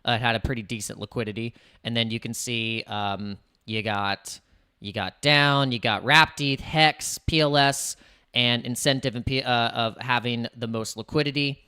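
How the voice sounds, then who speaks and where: A man's voice: mid-range voice, steady tone, moderate pace, pushed and bright, smooth. A man hosting a casual crypto livestream, chatty and rambling, hyping up his viewers.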